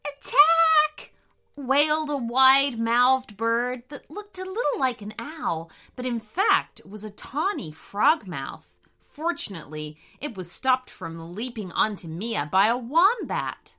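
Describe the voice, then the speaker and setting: A woman reading a bedtime story aloud in a gentle, expressive way. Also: fairly high pitch, unhurried.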